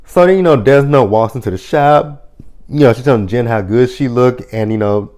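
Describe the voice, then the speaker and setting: A man in his thirties recapping a TV episode in a casual, profane, animated vlog style, acting out the characters' lines as he goes. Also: mid-range voice, moderate pace. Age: 30s. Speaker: TV episode reviewer.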